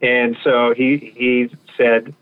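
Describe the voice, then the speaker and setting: A man's voice: mid-range voice, level tone, slow pace, smooth. Man telling stories over a tinny phone line. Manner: rambling, casual, with restarts. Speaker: guest. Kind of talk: anecdotal storytelling.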